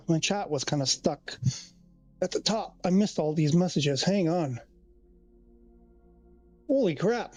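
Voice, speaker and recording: A man chatting casually to his stream in a fairly high, warm, mellow voice. He rambles, trails off and restarts his sentences as he reads chat aloud. The sound is close and dry, with faint music underneath. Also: dry recording. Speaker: livestreamer.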